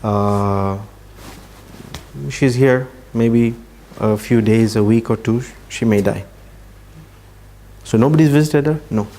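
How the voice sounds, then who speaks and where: A man giving a religious talk, telling a story earnestly and slowing down for emphasis. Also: lowish voice, warm tone, a little hiss or hum. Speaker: Islamic speaker.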